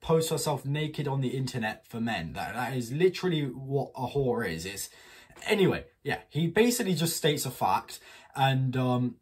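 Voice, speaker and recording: A man's voice: mid-range voice, big pitch swings, normal speed, breathy edge. A man giving blunt, opinionated commentary in a casual vlog and swearing freely. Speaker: commentary YouTuber.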